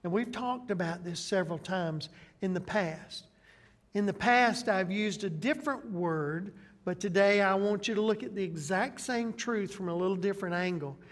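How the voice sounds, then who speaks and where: A male pastor preaching a sermon, retelling a Bible story with animated, dramatic delivery. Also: sits high, moderate pace.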